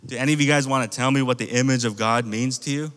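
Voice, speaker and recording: Youth pastor, American man, mid-pitched, chatty storyteller talking straight to the kids, long hall reverb. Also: quick pace, smooth. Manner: conversational, animated storytelling, addresses the youth group directly. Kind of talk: casual youth sermon with storytelling.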